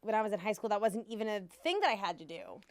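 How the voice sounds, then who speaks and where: A woman's voice: medium pitch, very animated, very fast, dry recording. Woman podcast host, dry close sound. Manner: chatty, sincere, uses many "like" fillers. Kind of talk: casual chat.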